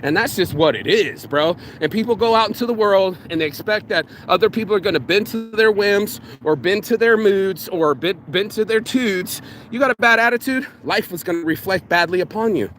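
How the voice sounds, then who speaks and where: A man ranting casually to camera, profane and animated, swinging between loud mocking quotes and low, intense asides. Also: brisk, few pauses, a little hiss or hum. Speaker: vlogger.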